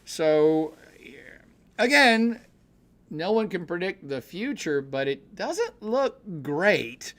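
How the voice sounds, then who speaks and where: A middle-aged man hosting a casual podcast livestream, reading viewer comments and joking, swinging between loud excitement and low mutters. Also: takes it slowly. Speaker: podcast host reading live chat.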